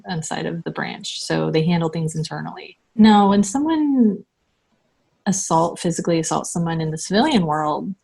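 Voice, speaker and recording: A woman from the United States telling her own story as an interview guest, halting and full of restarts. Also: lowish voice, lively intonation, creaky, darkish tone, husky. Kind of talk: personal recounting.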